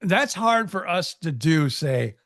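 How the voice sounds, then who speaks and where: A man's voice: fairly high pitch, big pitch swings, takes it slowly, a bit bright. A man co-hosting a podcast, talking in an easygoing, rambling and joking way. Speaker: podcast co-host. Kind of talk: casual chat.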